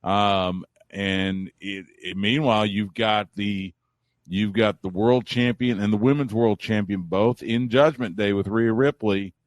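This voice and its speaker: A low-voiced man calling in as a radio guest, talking loosely in a casual chat. He rambles and restarts his thoughts, and his voice sounds dry and close. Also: measured pace, no room sound. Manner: relaxed, rambling, frequent restarts. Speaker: wrestling talk show guest. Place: Central Texas.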